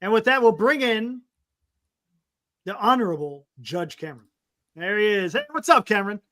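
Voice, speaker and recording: A man hosting a casual live-stream sports talk show over a video call, excitable and laughing often as he urges viewers to join. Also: sits high, moderate pace, no room sound, studio quality. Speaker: show host.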